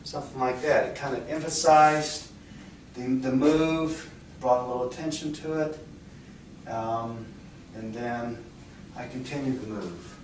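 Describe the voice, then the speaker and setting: A male dance instructor demonstrating moves while he explains, talking in a relaxed, halting way with many fillers and restarts, recorded by a far camera mic in a dance studio. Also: mid-range voice, a little hiss or hum. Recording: very echoey room, off-mic.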